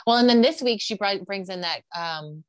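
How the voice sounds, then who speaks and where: A woman's voice: mid-range voice, expressive, moderate pace, dry recording, studio quality. A woman co-hosting a podcast, chatting casually about reality TV, laughing often and using lots of fillers. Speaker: podcast co-host.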